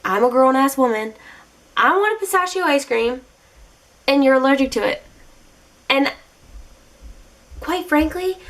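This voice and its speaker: Speaking directly to the camera from home, a young woman with a slightly higher-than-average voice shares dating stories. She's casual and animated, sassy, and plainly exasperated.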